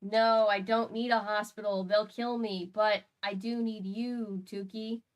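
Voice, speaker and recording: A woman reading the lines of a frightened, scarred girl from a novel, urgent and hushed. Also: mid-range voice, flat delivery, unhurried, dull audio, lightly acted. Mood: pleading.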